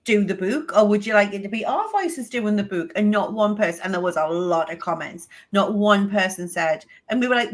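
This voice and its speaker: A woman's voice: medium pitch, fast. A woman with a strong Geordie accent, a guest telling stories in a casual interview and swearing freely. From Northeast England. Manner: lively storytelling, swears casually. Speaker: podcast guest, business coach.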